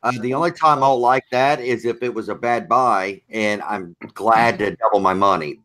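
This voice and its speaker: A man's voice: lowish voice, normal speed, sharp tone, low-quality recording. An easygoing man chatting casually as a reseller panelist on a live video call, laughing often. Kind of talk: casual live-stream chat.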